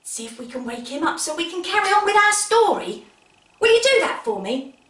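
A woman's voice: extremely high pitch, very animated, a little fast, a bit bright, far from the mic. A woman leading a music session for toddlers, singing rhymes and telling a story in a coaxing, sing-song way straight to the children. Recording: echoey room, voice away from the mic. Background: guitar music.

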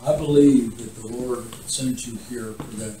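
A man's voice: medium pitch, fairly even intonation, normal speed, warm tone. Pastor, man, directing an altar call, far from the mic in a noisy reverberant hall. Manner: calls out amens, then directs the congregation. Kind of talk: sermon response and altar call. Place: church sanctuary.

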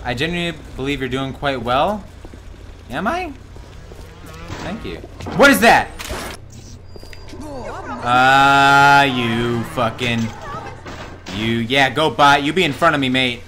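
A man streaming a horror game live, talking to his chat, swearing a lot and yelping and shouting at every scare. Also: medium pitch, unhurried, faint music behind. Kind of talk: live gameplay commentary.

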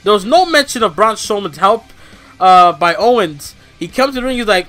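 A man talks through a casual review in a rambling, profane style. He works himself up into animated rants. His voice is fairly high and bright, with faint music playing behind him. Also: normal speed. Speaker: wrestling reviewer.

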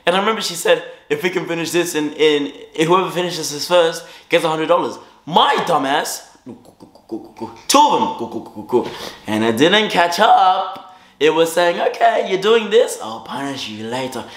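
Young man, story-time vlogger, animated delivery, higher voice, roomy echo. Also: measured pace. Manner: animated, swings between loud and low, laughs.

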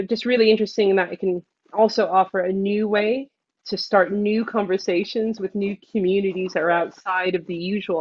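A woman's voice: lowish voice, dry recording, dull audio. A young woman presenting a design talk in a casual way, full of fillers and "like". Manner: informal, with many fillers and "like".

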